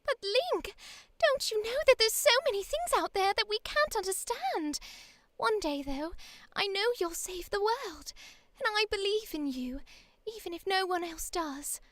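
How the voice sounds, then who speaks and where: A gentle, high and very bright princess voice, posh in a put-on British accent,. She speaks slowly and sincerely, with a dry close sound and the light timbre of a video-game heroine. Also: expressive, no echo, exaggerated voice. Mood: earnest.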